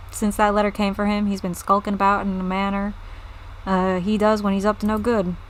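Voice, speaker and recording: A woman voicing a gruff, stern male farm boss in a put-on Southern US accent as she reads game dialogue aloud. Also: medium pitch, slight background noise, close to an everyday voice, low-quality recording.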